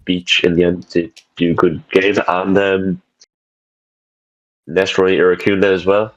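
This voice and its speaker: A man's voice: deep voice, little pitch movement, a little slow. A man co-hosting a football podcast, speaking in a laid-back, hesitant way. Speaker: podcast co-host. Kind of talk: casual chat. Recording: dull lo-fi mic.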